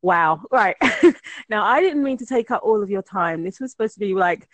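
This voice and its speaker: A woman's voice: mid-range voice, expressive, normal speed, dry recording. A woman hosting a podcast over a remote call, an effusive, gushing chatterbox. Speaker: podcast host. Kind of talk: casual interview conversation.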